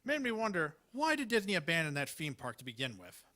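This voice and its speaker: Hesitant rambling man with a bright voice. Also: a little high, wildly swooping pitch, fairly quick. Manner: hesitant, rambling with many fillers and restarts. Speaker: open-mic performer. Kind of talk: reading Halloween one-liners to a live audience. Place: small live venue.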